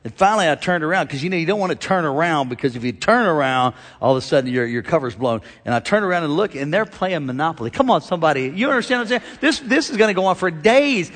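A middle-aged pastor delivers an animated sermon, his fairly high male voice ringing through a big church hall with a long reverb tail. He drops low and quiet to tell stories, then climbs back up to call on the congregation. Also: brisk, few pauses. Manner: animated preacher, swinging from loud exhortation to quiet storytelling.

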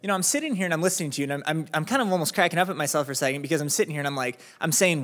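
A man's voice: a little high, animated, very fast, few pauses, a bit bright. A young adult man hosting an interview, speaking earnestly and reflectively. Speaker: host. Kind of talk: casual interview talk.

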